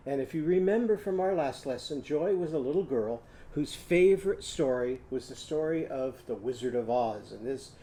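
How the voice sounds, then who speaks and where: A man teaching a children's phonics lesson, drilling sounds in a slow, clear, sing-song way. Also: medium pitch, dark tone, slight background noise. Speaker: literacy teacher.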